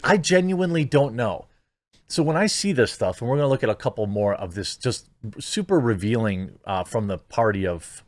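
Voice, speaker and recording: A man in a mid-pitched voice talks through online commentary in a loose, rambling way. He leans on filler words and sounds openly incredulous as he reacts. The recording is dry and close, with no room sound. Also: no echo. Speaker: YouTube commentary host.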